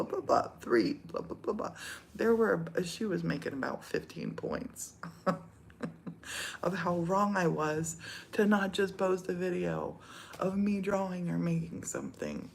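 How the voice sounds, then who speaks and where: A woman's voice: fairly low pitch, vocal fry, a little hiss or hum. A middle-aged woman from the United States chatting casually, laughing often and slipping into whispers. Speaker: vlogger. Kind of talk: casual chat.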